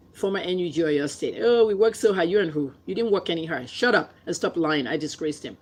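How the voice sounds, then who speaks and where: A woman from Nigeria with a Nigerian accent, vlogging her opinions in an impassioned, combative rant full of rhetorical questions. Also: sits low. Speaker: vlogger and commentator.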